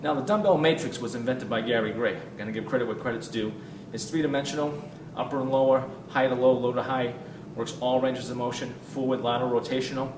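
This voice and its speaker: A man demonstrating warm-up drills as a fitness coach, talking with energy and counting reps as he exercises, sometimes out of breath. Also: mid-range voice, fast talker, few pauses. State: out of breath at times. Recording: roomy, distant mic with ambient noise.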